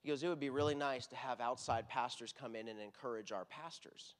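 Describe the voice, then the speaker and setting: A man's voice: mid-range voice, fairly quick. A middle-aged man with a Texan accent, a worship pastor preaching a sermon in a conversational, earnest, storytelling way.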